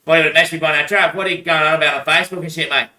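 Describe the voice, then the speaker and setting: Rambling, high-voiced Australian man. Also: steady tone, rapid-fire, pushed and bright. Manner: rambling, swears a lot, laughs between phrases. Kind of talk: rambling casual monologue. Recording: echoey room, voice far from mic.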